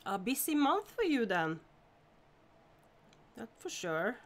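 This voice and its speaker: A woman's voice: a little high, sing-song, takes it slowly, slight background noise. A woman from Norway hosting a casual live stream, chatting and greeting viewers by name with frequent laughs.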